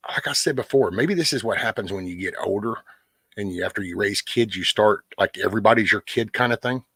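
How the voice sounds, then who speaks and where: A man's voice: fairly low pitch, a little fast, fairly bright tone, breathy edge, no room sound. A middle-aged man, rambling casually on a livestream and answering chat by name. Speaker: livestream host. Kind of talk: casual live-stream chat.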